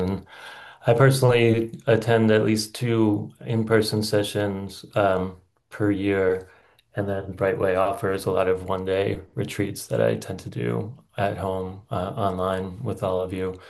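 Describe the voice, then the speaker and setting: A man's voice: fairly low pitch, gravelly, darkish tone. A man in a casual group discussion, speaking in a friendly, matter-of-fact way. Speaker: meditation group member.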